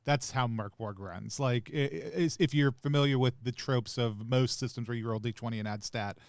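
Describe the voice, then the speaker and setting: A man's voice: medium pitch, moderate pace, gravelly, no room sound, clean studio sound. Casual man hosting a live stream. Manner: relaying viewer questions, conversational. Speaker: host. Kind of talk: casual interview talk.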